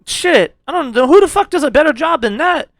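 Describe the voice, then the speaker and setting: A man's voice: very high-pitched, animated, a little fast, gravelly, no room sound, clean studio sound. A man co-hosting a casual movie review podcast, swearing freely and laughing often. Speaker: podcast co-host.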